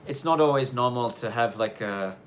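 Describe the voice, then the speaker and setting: A man's voice: medium pitch, measured pace, a little hiss or hum. A man hosting a live question-and-answer stream, chatting loosely with lots of fillers and restarts. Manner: loose, rambling, many fillers. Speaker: livestream host. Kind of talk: casual live Q&A chat. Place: snowy countryside in Japan.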